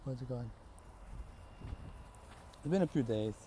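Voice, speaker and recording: A young man spins an improvised fan story off the cuff, rambling in slang and correcting himself mid-sentence. His voice is mellow and warm, at an ordinary male pitch. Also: animated, measured pace, slight background noise.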